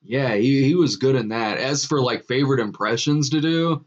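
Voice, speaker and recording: A man's voice: mid-range voice, normal speed, lo-fi sound. A man hosting a casual live-stream chat over a video call, rambling with many restarts. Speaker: host.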